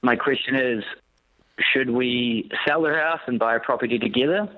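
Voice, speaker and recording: A young man calls in to a radio show, polite and a little hesitant as he asks his question. His voice has a medium pitch and comes through a dull, muffled phone line. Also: a little fast, dry recording. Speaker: caller.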